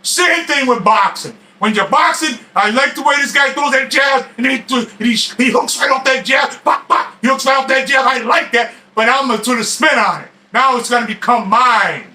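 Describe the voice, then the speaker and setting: A middle-aged boxing expert talks straight to the camera in a fierce, shouting rant. His voice sits very high and cuts with a sharp, tense edge. He stammers over his own restarts and throws in streetwise slang. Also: normal speed, hardly any pauses, low-quality recording. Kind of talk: ranting boxing talk to camera.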